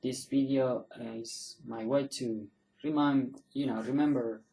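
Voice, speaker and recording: A man's voice: medium pitch, fairly even intonation, mellow, rough recording. A man giving a casual online pronunciation lesson. He says each example word several times for practice, and he often stops to correct himself and apologize. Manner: loose and self-correcting, often apologizing and restarting; repeats example words slowly for practice. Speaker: pronunciation teacher.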